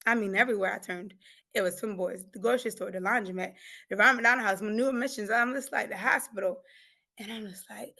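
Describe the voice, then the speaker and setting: A woman's voice: mid-range voice, fast talker, creaky, sharp tone. A woman speaking as an interview guest and coach, giving an emotional personal testimony in an earnest, emphatic way that often breaks into laughter.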